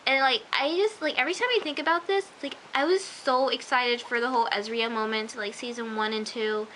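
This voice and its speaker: A young woman gushes through an episode recap with a bright, forceful, slightly high voice. She talks in a chatty, excitable way and sometimes drops into whispers. A faint hiss sits under the recording. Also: a little fast, poor audio. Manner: chatty, gushing, full of "like" and "oh my gosh", drops into whispers. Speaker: show reviewer.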